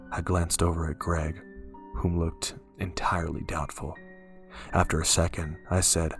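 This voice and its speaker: A man narrating a scripted horror story in a calm, measured way. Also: deep voice, over music.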